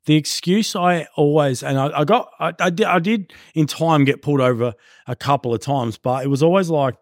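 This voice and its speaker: A man, a podcast guest chatting casually and telling animated, profanity-filled stories. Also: on the high side, a little fast, dry recording, clean studio sound. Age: 40s. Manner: swears a lot, animated storyteller acting out quotes. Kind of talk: casual chat.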